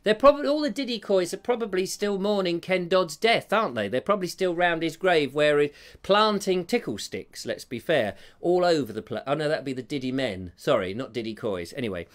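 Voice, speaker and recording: A man's voice: on the high side, expressive, a little fast. A man hosting a live stream, reading out viewer comments in a jokey, rambling, self-mocking way. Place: home room with a fire.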